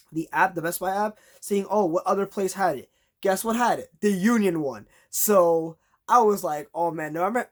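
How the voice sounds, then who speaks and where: A vlogger telling a long, exasperated story in a casual rant, acting out conversations in a raised voice. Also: mid-range voice.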